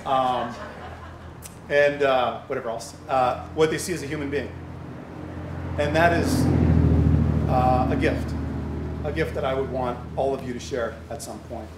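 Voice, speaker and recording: A man's voice: medium pitch, fairly even intonation, unhurried, pauses often. A middle-aged man speaking conversationally to a fundraiser audience, telling stories and asking rhetorical questions. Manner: anecdotal, asks rhetorical questions. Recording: echoey hall with faint background hum.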